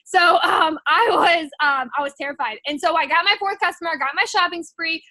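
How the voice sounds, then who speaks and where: Speaking briskly, a young female network marketing distributor tells a personal story in a high, bright tone. She meanders casually and leans heavily on filler words. No echo or room ambience comes through the close, dry recording.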